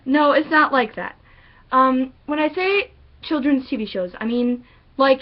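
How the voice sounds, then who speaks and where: A woman ranting sarcastically and with swearing in a vlog monologue, on a dull lo-fi recording. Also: high voice. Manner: sarcastic, profane, animated ranting. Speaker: vlogger.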